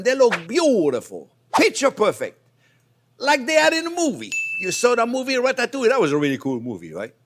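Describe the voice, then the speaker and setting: Lively French chef, high expressive voice. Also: male voice. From Provence, France. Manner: animated and chatty, talks to viewers as friends. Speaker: cooking show host. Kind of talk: casual cooking demonstration. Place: home kitchen in Florida.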